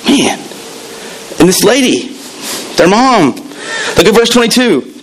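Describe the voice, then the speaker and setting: A man's voice: sits high, very animated, takes it slowly, slight background noise, low-quality recording. A man preaching a sermon as pastor, emphatic and repeating key words, acting out the voices he quotes.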